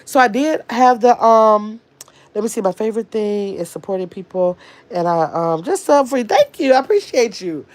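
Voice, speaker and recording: A woman's voice: medium pitch, normal speed. Chatty woman with a nasal voice. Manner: rambling, chatty storytelling with restarts. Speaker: live streamer. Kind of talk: casual chat to a livestream audience.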